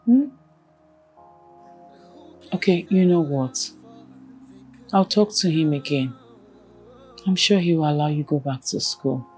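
A slow, soothing mother. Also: deep voice, soft background music. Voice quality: soft, soothing, coaxing. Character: gentle mother consoling her crying daughter.

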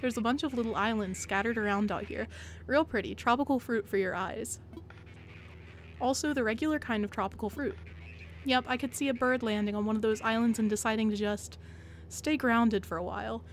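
A woman reading out a laid-back male bird pilot in a relaxed, drawling way, over faint game music. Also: a little high, brisk, slight background noise, natural voice. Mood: easygoing.

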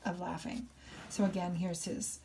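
A woman's voice: lowish voice, level tone, moderate pace, dark tone. A woman teacher reading a novel aloud expressively and stopping to explain passages to her class. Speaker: English teacher.

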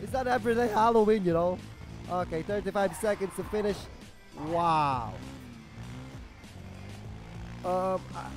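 A man giving casual gameplay commentary, excitable and profane, shouting and cheering at the game as he plays. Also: high-pitched, normal speed. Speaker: gaming YouTuber. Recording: game music playing underneath.

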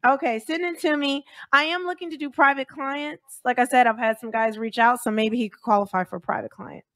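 A woman's voice: high voice, fairly even intonation, brisk, a bit bright. A woman hosting a casual call-in chat, blunt and teasing, often laughing. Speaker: live stream host.

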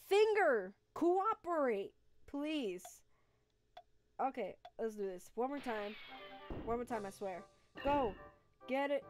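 A woman streaming a video game live, reacting aloud to the play and chatting with her viewers. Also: sits high. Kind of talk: live gaming stream chat.

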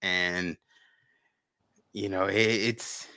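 A man with a bright, clear, smooth voice co-hosts a casual talk. He rambles, repeating and restarting his words. The sound is dry and close. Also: low-pitched, fairly even intonation, extremely slow, no echo. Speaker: podcast co-host. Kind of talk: casual conversation.

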